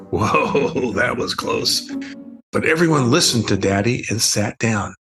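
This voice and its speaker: An older man, an author, reading his children's book aloud in a playful, expressive way. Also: mid-range voice, unhurried, soft background music. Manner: playful, expressive first-person child narration. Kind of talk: storybook reading.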